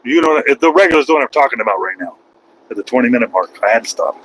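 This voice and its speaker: A man's voice: medium pitch, animated, fast talker, fairly bright tone, breathy edge, poor audio. A middle-aged man, a truck driver, chatting casually and rambling with a folksy manner while driving his truck, swearing now and then. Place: truck cab on the road.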